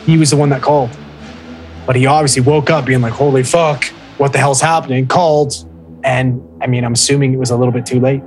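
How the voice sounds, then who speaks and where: A man's voice: medium pitch, steady tone, quick pace, darkish tone, faint music behind, poor audio. A man co-hosting a casual podcast, telling a story with lots of swearing and reading listener posts aloud. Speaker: podcast co-host.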